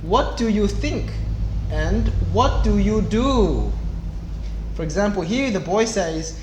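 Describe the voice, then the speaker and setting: A young man who teaches English, reading a storybook aloud slowly and clearly to children. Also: sits high, animated, darkish tone. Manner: slow and clear, with small voices for the book's characters. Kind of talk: slow read-aloud lesson for kids. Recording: echoey room, faint background noise.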